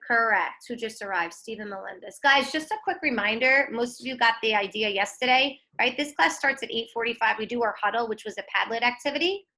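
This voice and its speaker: A woman's voice: fairly high pitch, brisk, few pauses, sharp tone. A woman teacher running an online class on a video call, upbeat and encouraging.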